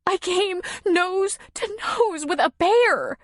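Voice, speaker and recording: A woman narrator voicing a shaken young woman who works an orchard, her lines high and trembling in an audiobook. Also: measured pace, a bit bright, no echo, clean studio sound. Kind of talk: audiobook character voice.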